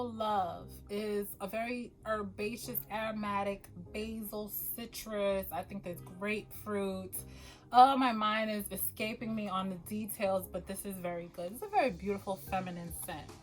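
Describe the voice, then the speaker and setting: A woman talking casually to the camera as a perfume vlogger, animated and quick to laugh, often calling her viewers y'all. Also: mid-range voice, faint music behind, rough recording.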